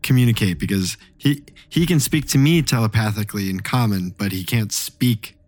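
Halting man playing a tabletop game. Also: fairly low pitch, a little mellow, no echo, soft background music. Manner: halting, restarting. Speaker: player. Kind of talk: casual tabletop play.

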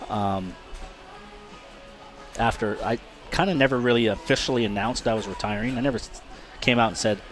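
Low-voiced male guest, candid and unpolished, restarts often over faint music. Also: moderate pace, long pauses. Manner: frank, repeats words and restarts, swears. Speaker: guest, retired race car driver. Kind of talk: candid interview storytelling.

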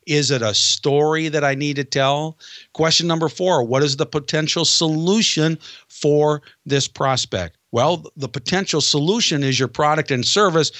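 A man who coaches salespeople retells a familiar film story step by step. He slows down to stress his points. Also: on the high side, fairly bright tone, no room sound. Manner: dramatic retelling, slows for emphasis. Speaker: sales trainer guest.

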